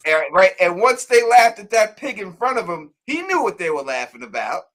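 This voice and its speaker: A man's voice: high-pitched, brisk. A man hosting a live call-in stream, chatting casually and animatedly. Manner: animated, laughing, acts out characters. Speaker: show host.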